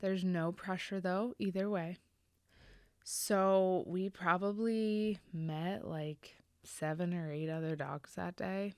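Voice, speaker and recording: Woman podcast host, slightly low voice, earnest and halting, speaks close to a dry mic. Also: steady tone, smooth, no echo. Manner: earnest, reflective, halting with many fillers. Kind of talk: personal storytelling on a podcast.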